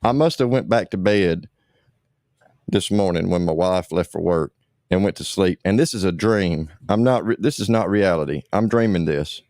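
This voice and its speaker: A man's voice: low-pitched, moderate pace, darkish tone, no room sound, studio quality. A man hosting a livestream, ranting bluntly with lots of swearing and repetition. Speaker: livestream host.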